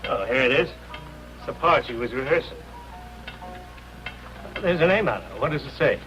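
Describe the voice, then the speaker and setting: A man's voice: medium pitch, expressive, normal speed, fairly bright tone, soft background music, natural voice. Actor playing a folksy old doorman. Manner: folksy, ungrammatical slang. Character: gruff older male doorman, folksy, plainspoken. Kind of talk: 1950s radio drama acting. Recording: dull lo-fi old radio recording.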